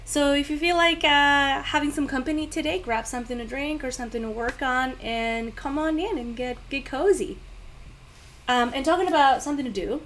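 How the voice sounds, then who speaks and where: A woman from Canada talks easily and laughs often as she co-hosts a relaxed chat at home. Her voice sits high. A faint hum of room noise lingers behind her. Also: moderate pace. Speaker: podcast co-host. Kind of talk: casual chat. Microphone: phone camera.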